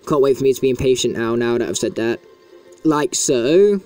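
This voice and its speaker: Mellow-voiced man commentating a game. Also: medium pitch, normal speed, soft background music. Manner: chatty and self-mocking, fond of "indeed". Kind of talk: casual gameplay commentary.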